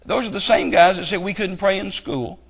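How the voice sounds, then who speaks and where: A middle-aged man preaching a sermon, telling stories and building to loud, emphatic outbursts. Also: high-pitched, brisk, creaky, breathy edge. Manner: animated storytelling with rising outbursts.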